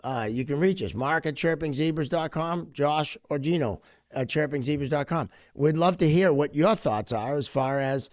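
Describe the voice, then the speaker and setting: A man's voice: a little high, normal speed, dry recording, studio quality. A middle-aged man, a hockey official co-hosting a podcast, talking in an easygoing, conversational way and playing devil's advocate. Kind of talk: casual podcast chat.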